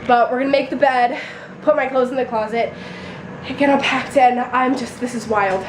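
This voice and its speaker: A young woman, a college student, gives a rambling vlog tour of her dorm room, chatting casually with plenty of fillers and sounding a little tired. Her voice sits a little high, with a steady tone at normal speed, and there's background noise.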